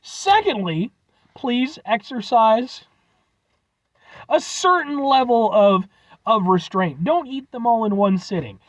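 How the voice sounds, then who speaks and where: A man's voice: extremely high pitch, expressive, takes it slowly, dry recording, highs cut off. A man reviewing snacks on his vlog, rambling and joking, swearing casually as he signs off. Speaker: food review vlogger.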